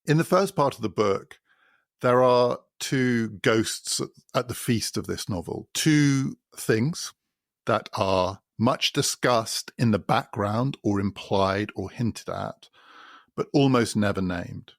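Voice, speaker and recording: A man hosts a podcast and talks through a novel in an explanatory way. His low voice has a gravelly fry, and he drives points home by repeating them. The sound is close and dry. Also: takes it slowly, no room sound. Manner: explanatory, builds points by repetition. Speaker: podcast host. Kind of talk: spoken literary commentary.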